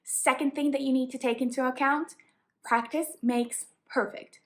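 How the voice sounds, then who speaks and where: A woman from Colombia with a Colombian Spanish accent, a native Spanish speaker, explaining English tips as a teacher in a clear, explanatory way. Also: sits high, fairly even intonation, moderate pace. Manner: clear, explanatory, emphatic on examples. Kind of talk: tips lesson to camera.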